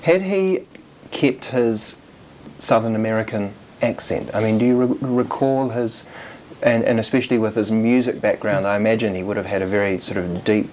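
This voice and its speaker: An interviewer asking questions in an oral history interview, speaking haltingly with many repeated words. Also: mid-range voice, a little mellow, slight background noise, rough recording.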